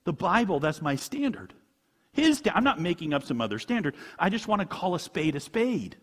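Guy preaching a sermon like he's just talking to you, husky, kinda high pitched, keeps chuckling. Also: big pitch swings, fairly quick, big-room sound. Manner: conversational, with rhetorical questions and frequent chuckles. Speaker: pastor.

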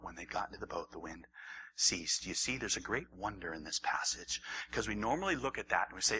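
A man preaching a sermon, acting out the story and swinging from raised, animated lines to hushed near-whispers. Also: deep voice, a little fast, a little hiss or hum, rough recording. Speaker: pastor.

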